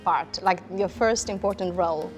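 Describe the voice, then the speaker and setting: A woman's voice: lowish voice, moderate pace, faint music behind. A woman hosting a TV talk show, asking guests brief, friendly questions. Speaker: TV host. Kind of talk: casual interview chat.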